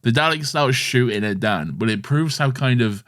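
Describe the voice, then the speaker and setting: Guy co-hosting a podcast, teasing, lively pitch, dry close mic. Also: normal speed, dry recording. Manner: jokey, teasing. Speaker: podcast co-host. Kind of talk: casual chat. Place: podcast room.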